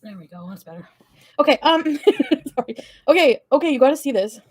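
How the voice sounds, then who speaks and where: A woman's voice: high-pitched, animated, brisk, darkish tone. A woman from Canada gossiping on a livestream, chatty and giggly, cursing casually as she rambles.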